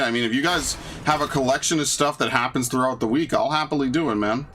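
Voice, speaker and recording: A man's voice: medium pitch, fast, few pauses, pushed and bright, a little hiss or hum. A young man casually commenting on a game playthrough, rambling and swearing freely. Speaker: gaming YouTuber. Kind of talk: casual let's-play commentary.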